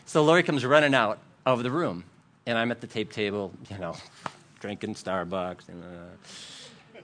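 A man's voice: on the low side, sing-song, unhurried, fairly bright tone, slight background noise. A man preaching a sermon, telling a story with lots of laughs and acted-out quotes. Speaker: pastor.

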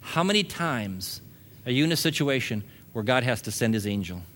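A man's voice: medium pitch, lively intonation, moderate pace, fairly bright tone, slight background noise. Male pastor, mid-range voice, sermon delivery with rising emphasis and easy asides.

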